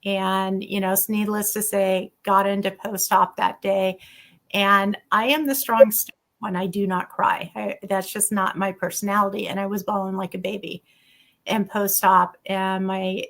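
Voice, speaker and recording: In a gravelly, medium-pitched voice at a measured pace, a middle-aged woman who is both a doctor and a former patient tells her story openly as an interview guest. She tells it vividly, quoting what people said.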